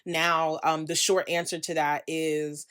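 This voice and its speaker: A woman's voice: sits low, flat delivery, unhurried, fairly bright tone, clear, resonant tone. A young woman from the United States giving a candid, passionate talking-head vlog, ranting with emphatic asides. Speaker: creator and vlogger.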